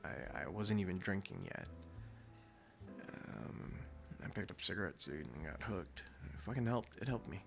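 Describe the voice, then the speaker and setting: A man's voice: low-pitched, animated, moderate pace, music in the background. A man in his twenties hosting a podcast, telling a story in blunt, casual talk full of swearing and "dude.". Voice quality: gravelly. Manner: blunt, heavy swearing, says "dude" often. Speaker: podcast host.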